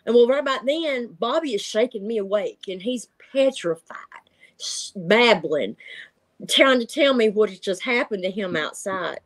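A woman's voice: on the high side, expressive, normal speed. A middle-aged woman, telling stories in casual chat, laughing often and acting out voices. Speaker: guest telling encounter stories.

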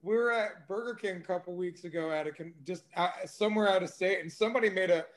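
High-pitched man, laid-back and laughing. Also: fast talker. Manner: laid-back, swears a lot, laughs often. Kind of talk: casual chat.

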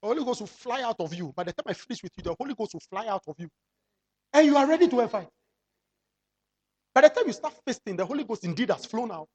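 Preaching to his congregation, a pastor fires off rhetorical questions and lingers slowly on important phrases to stress them. The voice is mid-range and husky, with lively intonation.

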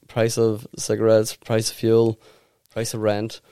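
A man's voice: fairly low pitch, monotone, a little slow, dark tone, clear, resonant tone, dry recording. A man in casual chat, giving short agreeing replies and swearing casually.

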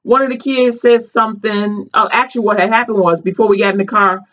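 A woman's voice: mid-range voice, steady tone, quick pace, fairly bright tone. A woman vlogger in casual storytelling commentary, chatty and rambling, with many fillers and restarts, colloquial and earnest.

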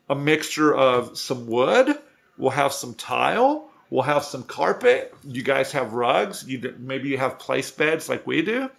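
A man's voice: medium pitch, gravelly. A man working as a dog trainer, giving casual, conversational tips with frequent restarts. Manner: relaxed, conversational, many restarts. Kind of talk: casual instructional talk.

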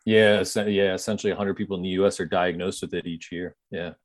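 Man, deep voice, close and dry sound, sincere interview guest recounting hard times. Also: steady tone, fast talker, dry recording. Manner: earnest, reflective storytelling. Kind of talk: conversational interview.

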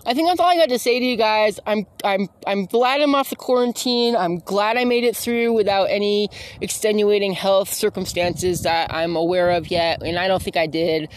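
A woman's voice: medium pitch, normal speed, few pauses. A woman hosting her own podcast, talking casually while out on a walk, rambling with many fillers and self-corrections. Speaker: podcast host. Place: outdoors on a walk.

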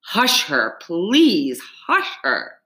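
A woman reading aloud gives voice to a blunt country constable, a man with clipped, folksy phrasing and a plain warning tone. The storybook lawman speaks slowly in a low voice with lively turns. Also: heavily acted. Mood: pleading.

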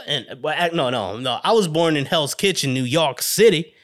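A man's voice: fairly high pitch, animated, moderate pace, hardly any pauses, fairly bright tone. A man hosting a solo podcast, rambling casually, swearing constantly and laughing often. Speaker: podcast host.

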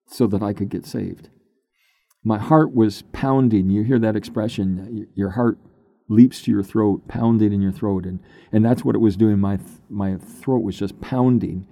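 An older man, a pastor, telling his personal testimony in an unhurried, halting way that turns emotional at times. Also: fairly low pitch, dark tone, no echo. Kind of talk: personal testimony, conversational storytelling.

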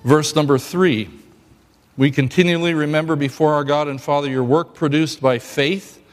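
A male pastor giving a sermon in a church, joking and telling stories in a lively way. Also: a little high, moderate pace, long reverb tail.

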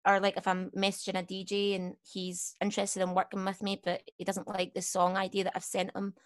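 A woman's voice: mid-range voice, monotone, fairly quick. A young Scottish woman chatting candidly as a podcast guest, rambling and correcting herself as she goes. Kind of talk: casual chat.

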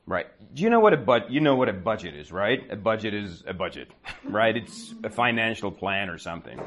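Animated man telling a story to a class. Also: lowish voice, moderate pace. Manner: animated, checks understanding with frequent "right?". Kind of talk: storytelling to learners.

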